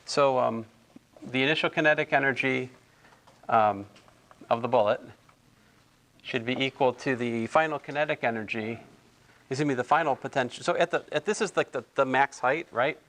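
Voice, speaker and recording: A man's voice: mid-range voice, moderate pace, pauses often, a bit bright. A man tutoring physics homework in a casual, thinking-aloud way, correcting himself and adding chatty asides.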